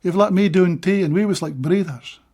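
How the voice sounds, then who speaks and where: Reading his own poetry translations slowly and deliberately, a Scottish man speaks in a voice that sits high yet has a darkish tone. He drops short, plainly worded comments between the poems.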